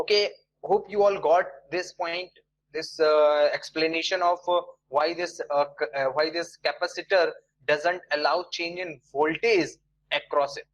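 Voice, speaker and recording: A man's voice: fairly high pitch, a bit bright, lo-fi sound. A man, lecturing an online engineering class. He explains step by step, repeats his phrases and quizzes students, with frequent fillers and restarts. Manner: many fillers and restarts, non-native phrasing.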